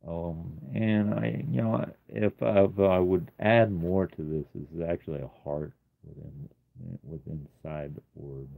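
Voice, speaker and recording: A man's voice: deep voice, steady tone, measured pace, vocal fry, hardly any pauses. A man casually walking through his sketchbook, rambling with many ums and uhs. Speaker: artist showing his sketchbook. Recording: tinny phone-like sound.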